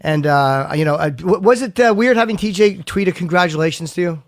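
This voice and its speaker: A man's voice: high voice, animated, a little fast, no room sound, clean studio sound. A man hosting a talk show, chatting in an upbeat, friendly way. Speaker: radio show host. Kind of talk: casual radio talk.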